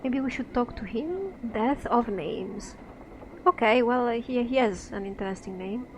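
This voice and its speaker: A woman giving let's-play commentary, musing aloud in a soft, thoughtful way. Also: fairly high pitch, animated, measured pace, a little hiss or hum, rough recording. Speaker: game streamer.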